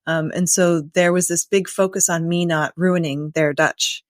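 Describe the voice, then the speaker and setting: A woman's voice: on the low side, fairly even intonation, unhurried, no room sound, clean studio sound. An American woman from the United States hosting a podcast interview, conversational and thinking aloud. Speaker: podcast host.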